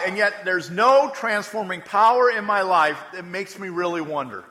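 Pastor, male, fairly high and bright voice, chatty sermon delivery with repeated emphasis, long hall reverb. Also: lively intonation, moderate pace, few pauses. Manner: conversational preaching, repeats words for emphasis.

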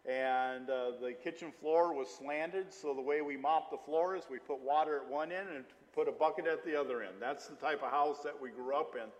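A middle-aged male pastor delivers a sermon in a fairly high voice, moving between teaching and lively personal stories. He pauses often on "uh" as he speaks. His voice rings with the long reverb of a large hall. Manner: storytelling, animated, with frequent "uh" fillers.

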